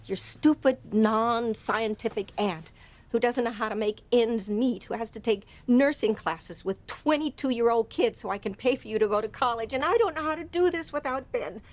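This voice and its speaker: A woman's voice: fairly high pitch, normal speed, natural voice. An actress playing an older aunt who raised her nephew, pouring out a pleading, emotional outburst. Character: aunt raising her nephew, overworked and hurt.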